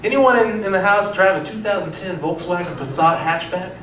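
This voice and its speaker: A man's voice: high voice, brisk, heavy background noise. A young man performing a self-deprecating stand-up comedy set, chatting with and quizzing the crowd, recorded in a comedy club with audience laughter behind him. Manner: conversational, self-deprecating, asks the crowd questions. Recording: echoey club heard from a distance, crowd laughing.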